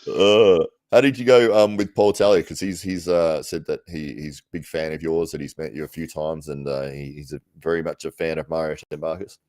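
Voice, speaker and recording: Man, podcast host, extremely deep voice, relaxed, chatty, dry close sound. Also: fairly quick, few pauses, dry recording. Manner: relaxed, chatty, laughs easily. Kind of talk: casual chat.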